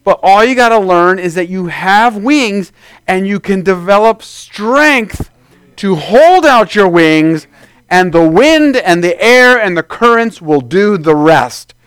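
Male pastor, high-pitched, dry close sound; casual sermon delivery with acted-out quotes. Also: expressive, slow, a bit bright, clear, resonant tone, no echo. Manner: conversational preaching, acts out quoted voices.

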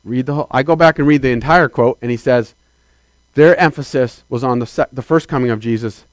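A man preaching a sermon as a pastor, swinging between loud declarations and quiet asides and calling out to the congregation. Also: medium pitch, brisk, no echo. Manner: calls out to the congregation for affirmation.

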